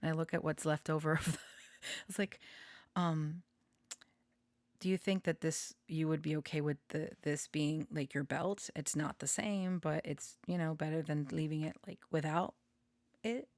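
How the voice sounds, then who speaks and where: A woman's voice: sits low, steady tone, moderate pace, darkish tone, no echo. A young woman hosting a casual, rambling chat, laughing often and sometimes dropping to a whisper. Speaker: podcast host.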